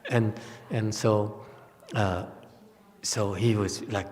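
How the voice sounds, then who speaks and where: Slow-talking monk in a reverberant hall. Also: male voice, medium pitch, expressive, a little mellow. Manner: anecdotal, laughing often, halting with fillers. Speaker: Buddhist teacher. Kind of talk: dharma talk. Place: monastery hall.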